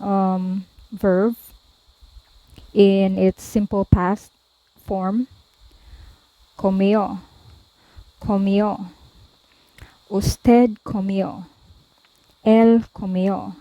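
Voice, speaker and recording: A woman tutor slowly explaining verb forms, pausing often and repeating each one. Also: mid-range voice, warm tone, no echo, rough recording. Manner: deliberate, repeats each form, frequent "um" and "okay". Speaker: language tutor. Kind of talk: slow explanatory lesson.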